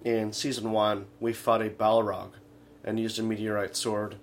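A man co-hosting a comedic radio talk show, retelling scenes in a rambling, halting way full of fillers. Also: lowish voice, little pitch movement, a little hiss or hum. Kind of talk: casual comedic chat.

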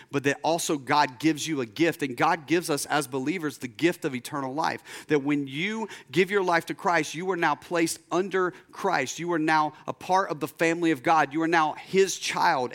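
A young man preaching a sermon as a pastor, telling a story and acting out the voices in it, dropping low and slow for emphasis. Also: a bit bright.

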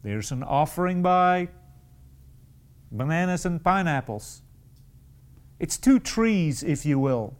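A man preaching a sermon, with repeated words and restarted phrases, and sudden rises in pitch. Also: animated, slow pace, long pauses.

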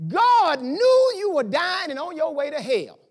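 High, lively preacher man. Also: a little slow. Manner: animated preaching, rhetorical questions, bursts of shouting. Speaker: pastor. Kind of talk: sermon.

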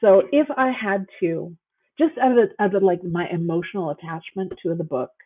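The speaker is a woman guest author on a tinny phone line, keeping up a moderate pace in a fairly low voice. She gushes through a casual, enthusiastic chat packed with fillers.

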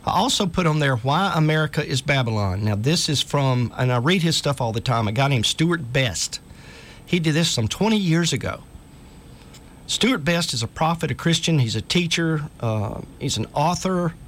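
A man's voice: a little high, animated, moderate pace, fairly bright tone, a little hiss or hum. A man hosting a talk radio show, speaking in an earnest, urgent way and reading articles aloud to listeners.

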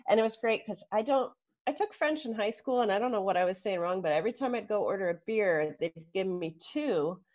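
A woman in her thirties, from the United States, co-hosting a casual chat and telling jokey, animated stories. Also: medium pitch, brisk. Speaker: podcast co-host.

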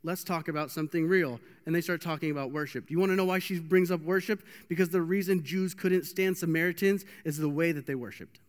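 A young man preaches in a church hall, his casual, joking sermon animated and riddled with restarts, all under long hall reverb. He talks fast in a slightly high voice, barely pausing.

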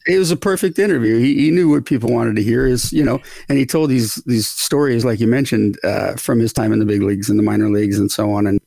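A man's voice: mid-range voice, fast talker, vocal fry, few pauses, dark tone, no echo. A laid-back man co-hosting a podcast in easygoing, casual chat. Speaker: podcast co-host.

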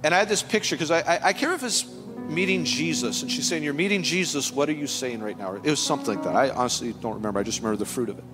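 A man's voice: on the high side, rapid-fire, over music. A man preaching a sermon as pastor, telling personal stories earnestly with frequent restarts. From Canada. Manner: earnest, animated storytelling with many restarts. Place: church sanctuary.

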